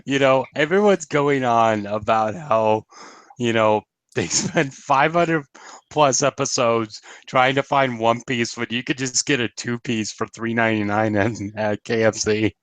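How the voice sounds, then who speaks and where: A man's voice: medium pitch, a little slow, fairly bright tone, no room sound. A man co-hosting a cartoon review show, chatting in an offhand, joking way. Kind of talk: casual review chat.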